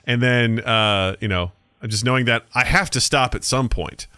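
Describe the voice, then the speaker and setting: A man co-hosting a podcast, telling animated stories in casual chat and acting out voices. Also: medium pitch, moderate pace, clean tone, dry recording. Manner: animated storyteller, acts out voices. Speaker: podcast co-host.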